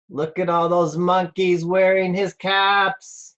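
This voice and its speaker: A rabbi reading a picture book aloud to children over a video call, slow and playful, asking them questions. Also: male voice, sits high, little pitch movement, fairly bright tone, muffled recording.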